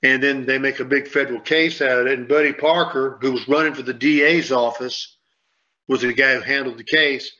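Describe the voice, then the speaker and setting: Telling a story on sports radio, this man repeats himself and rambles, voicing the lines of the people involved. He speaks fairly quickly in a medium-pitched, steady, sharp-toned voice, heard through a dull lo-fi recording.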